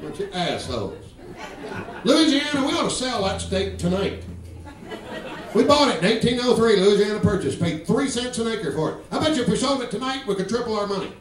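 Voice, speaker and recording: A stand-up comedian with a Georgia accent, talking brash and profane and mimicking regional accents. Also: male voice, high-pitched, sing-song, brisk, slight background noise. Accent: Southern US, Georgia. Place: comedy club stage. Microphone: stage microphone. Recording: roomy live club recording from a distance. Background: audience laughter.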